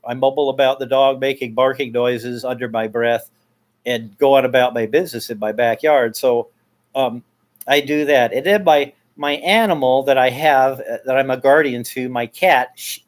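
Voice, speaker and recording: A man's voice: mid-range voice, normal speed. A man speaking a casual monologue addressed to his neighbor, rambling with many restarts and repeated words as he airs his complaints. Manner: aggrieved, airing complaints.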